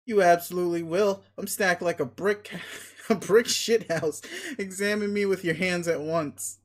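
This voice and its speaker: A man's voice: sits high, steady tone, unhurried. A man doing a bragging crude muscle creature. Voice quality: loud, bragging, swears constantly. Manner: bombastic, pushy, commanding. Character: boastful muscle-obsessed male creature, crude. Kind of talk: dramatic reading of a webcomic.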